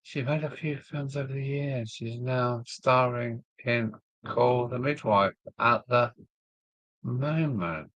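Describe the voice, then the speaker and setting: Older southern english host, slow rambling live-stream chat, dry close sound. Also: male voice, medium pitch, a bit bright, no echo, dull audio. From southern England. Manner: rambling, chuckling, reading viewer comments aloud. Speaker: model railway live streamer. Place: home loft.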